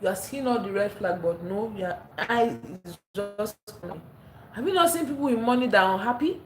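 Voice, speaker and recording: A woman's voice: medium pitch, brisk, roomy sound. A woman from Africa hosting a casual livestream, chatting and reading out viewer comments, laughing often. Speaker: livestream host. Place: indoors at home. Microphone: phone, later a clip-on mic.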